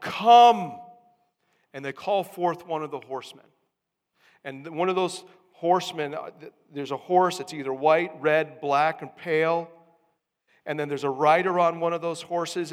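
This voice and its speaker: A male pastor delivers a sermon, explaining step by step and pressing hard on key words. His voice sits a little high for a man. It rings out with the long reverb of a church hall. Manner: teaching, building emphasis on key words.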